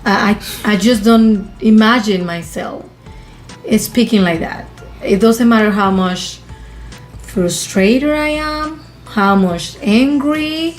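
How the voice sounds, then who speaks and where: Slow, soft-spoken Dominican woman. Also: fairly high pitch, soft background music. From Dominican Republic. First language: Spanish. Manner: soft-spoken, hesitant, giggly. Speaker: co-host. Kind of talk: casual reaction commentary.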